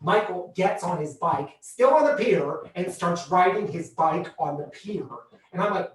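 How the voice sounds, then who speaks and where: A man performing a comic autobiographical monologue on a theatre stage, animated and exclamatory. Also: high-pitched, a little slow, hardly any pauses. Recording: echoey theatre, distant mic.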